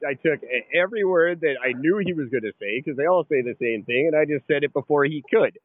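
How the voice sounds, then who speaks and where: A man's voice: on the high side, fast talker, no room sound. A man co-hosting a podcast, chiming in and telling his own stories in casual chat. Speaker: podcast co-host. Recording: dry, phone-like lo-fi sound.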